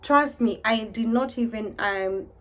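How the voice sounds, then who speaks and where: A woman in her thirties vlogging to camera in a casual, heartfelt way, weary and low, repeating herself as she talks of faith. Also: unhurried, fairly bright tone.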